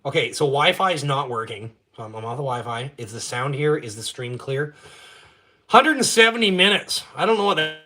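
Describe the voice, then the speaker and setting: A man's voice: mid-range voice, animated, fairly quick, pushed and bright. A man ranting on his live stream, crude and mocking, swearing constantly. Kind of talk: casual profane rant on a live stream.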